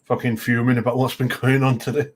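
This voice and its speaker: A man's voice: mid-range voice, level tone, quick pace. A man joins a livestream as a guest. He speaks bluntly and swears often, mostly giving short replies in casual chat.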